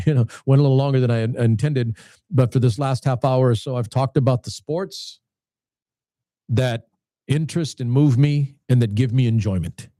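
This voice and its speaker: Host in his late fifties, casual and meandering, with a warm low-key tone and a dry sound. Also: no room sound. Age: 50s. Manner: rambling, many restarts and repeated words. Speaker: channel host. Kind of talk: casual talk to camera.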